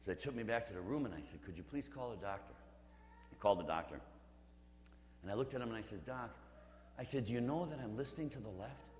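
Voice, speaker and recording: A Catholic priest in his fifties giving a conversational, humorous storytelling sermon, dropping to a hush for emphasis. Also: medium pitch, expressive, quick pace, long pauses, slight background noise. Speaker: Catholic priest leading a parish mission. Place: church. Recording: roomy church with long reverb.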